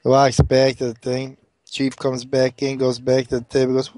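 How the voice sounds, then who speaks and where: A man telling a long rambling joke, animated, with frequent asides like checking the listener follows. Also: mid-range voice, moderate pace, dry recording. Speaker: joke teller.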